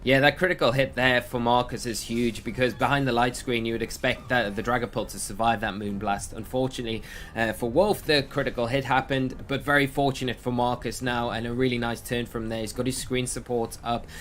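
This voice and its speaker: A man's voice: medium pitch, steady tone, a little fast, a bit bright, a little hiss or hum. Analytical male esports commentator. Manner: analytical, thinks aloud with restarts. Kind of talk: live game commentary.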